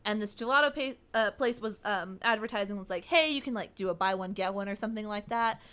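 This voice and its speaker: A woman co-hosting a podcast, telling a story in a lively, giggly way. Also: mid-range voice, fast talker. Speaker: podcast co-host. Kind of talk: casual chat.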